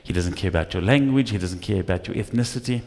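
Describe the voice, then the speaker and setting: A male pastor preaching a sermon, telling stories with lively acted asides in a church. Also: fairly low pitch, quick pace. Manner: animated storytelling with acted asides. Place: church hall. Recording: echoey church hall.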